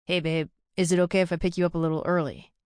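A woman voicing an affectionate young man in an audiobook, light and quick. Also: fairly low pitch, flat delivery, a little mellow, smooth, no room sound, clean studio sound, natural voice. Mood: eager. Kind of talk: audiobook character voice.

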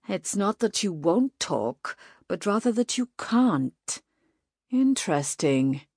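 A woman voicing a sly male demon who speaks in a calm, mildly inquisitive, murmuring way, in an audiobook. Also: medium pitch, slow, breathy edge, no room sound, clean studio sound, heavily acted. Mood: curious.

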